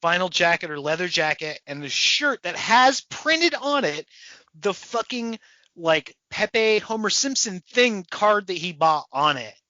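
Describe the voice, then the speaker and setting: A man co-hosting a podcast in casual chat, animated and profane, acting out voices as he tells a story. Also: high-pitched, no echo, highs cut off. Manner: animated, swearing, acts out people's voices. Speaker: podcast co-host.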